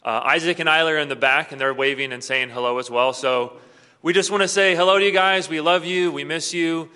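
Bright-voiced man welcoming the congregation. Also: on the high side, steady tone, fairly quick, smooth, big-room sound. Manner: upbeat, friendly address to the congregation. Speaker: worship service host. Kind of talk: church meet-and-greet welcome.

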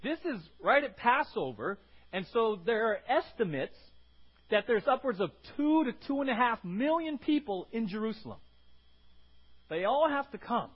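Casual sermon from a pastor guy with a really high voice, lively, dull muffled recording. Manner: animated, keeps asking "right?", bursts into acted shouts.

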